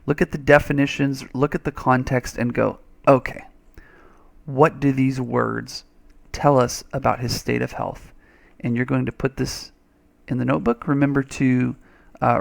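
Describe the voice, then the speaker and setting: A man's voice: mid-range voice, vocal fry. A man teaching a reading lesson over a screen recording, chatty and thinking aloud, with little playful sound effects.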